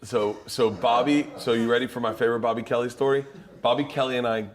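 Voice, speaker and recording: A man's voice: medium pitch, fast. A man from Florida co-hosting a podcast, telling a story in a casual, profane way with a lot of laughing. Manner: animated, profane, laughing often. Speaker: podcast co-host.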